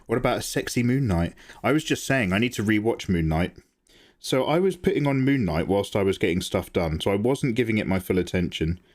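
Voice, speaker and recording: A man hosting a live drawing stream, chatting casually and reacting to viewer messages, laughing often. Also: fairly quick. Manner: chatty, animated, laughs often, jumps to high pitch when excited. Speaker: art livestream host. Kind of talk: casual chat while drawing, reading chat.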